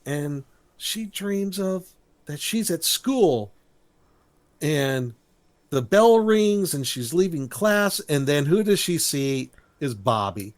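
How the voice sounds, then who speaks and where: A podcast co-host with a slightly high voice recaps a cartoon episode in casual chat, taking his time. He's an animated storyteller who acts out the characters' lines, and the recording has no echo.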